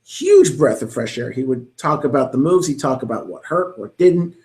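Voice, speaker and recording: With an expressive, slightly mellow voice of medium pitch, a young man at normal speed co-hosts a podcast. The casual chat covers wrestling commentary, and he rambles with enthusiasm, often starting over.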